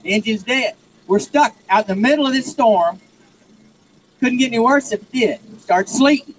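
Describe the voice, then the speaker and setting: A man's voice: very high-pitched, a little hiss or hum, rough recording. Texan man telling a folksy story. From Texas. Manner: joking, drawn-out storyteller. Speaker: rally speaker.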